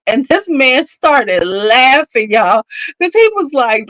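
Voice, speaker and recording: A beauty channel host in her fifties, with a fairly high, sing-song and fairly bright voice, speaks at a measured pace on a low-quality recording. She's running a casual livestream chat from home, telling stories, laughing a lot and talking back to her viewers.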